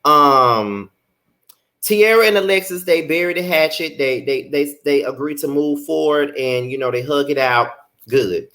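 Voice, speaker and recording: Sassy, profane young man reviewing reality TV. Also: unhurried. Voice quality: blunt, profane, sassy commentary. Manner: animated, rants with big pitch jumps. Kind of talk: casual recap vlog.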